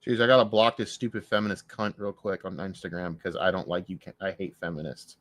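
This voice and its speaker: A man streaming live, ranting loudly and angrily with heavy profanity. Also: low-pitched, fairly even intonation, fairly quick, dry recording. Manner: loud, profane, angry ranting.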